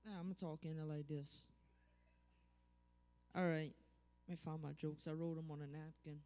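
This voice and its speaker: A man's voice: on the high side, little pitch movement, moderate pace, warm tone. A man doing a rambling, self-deprecating stand-up set who loses his place. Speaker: stand-up comedian. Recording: reverberant bar hall.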